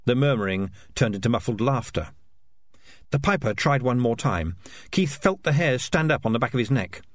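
A man narrating an audiobook as an expressive storyteller. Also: mid-range voice, normal speed, no room sound, clean studio sound.

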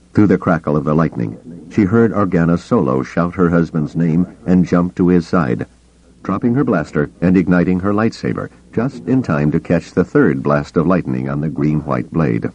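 A man narrating an action-filled audiobook in a dramatic, expressive reading. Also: extremely low pitch, dull audio.

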